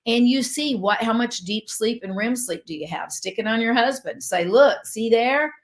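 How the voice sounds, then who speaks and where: A woman doctor talks through health advice as a podcast guest. She explains in a steady, teaching way and slips into quoted inner thoughts as she goes. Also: a little high, normal speed. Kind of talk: podcast interview.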